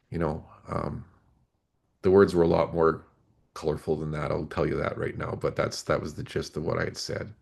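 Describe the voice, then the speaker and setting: A man's voice: extremely low pitch, little pitch movement, moderate pace, vocal fry, breathy edge. A man in his forties, a former police officer, earnestly recounting an emotional personal story as a podcast guest.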